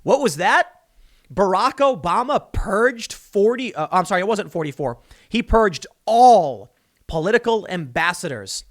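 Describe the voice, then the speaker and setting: A man's voice: high-pitched, very animated, a little slow. A man hosting solo political commentary, reading news clippings aloud and reacting with emphatic, sarcastic remarks.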